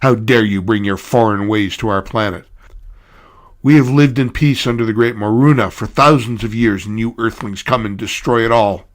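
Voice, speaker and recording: Man voicing an alien rebel leader, defiant, shouting, lowish. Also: fairly even intonation, normal speed, close to an everyday voice. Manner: shouting proclamations.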